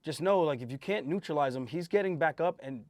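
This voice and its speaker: A man's voice: on the high side, fairly quick, no echo. Emphatic man breaking down fights. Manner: emphatic, animated, swears freely. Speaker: podcast host and fighter. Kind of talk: casual fight breakdown chat.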